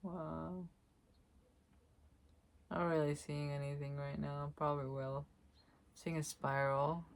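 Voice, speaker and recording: A woman vlogging alone, speaking softly and reflectively, often pausing to search for words and breaking into laughter. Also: low voice, fairly even intonation, gravelly. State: tearful at times. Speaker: spiritual vlogger. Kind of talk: slow reflective monologue, energy reading.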